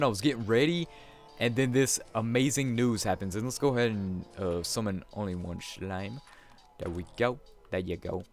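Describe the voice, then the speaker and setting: A young man giving let's play commentary, talking to his viewers and swinging between excited outbursts and deflated mutters. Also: mid-range voice. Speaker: gameplay commentator.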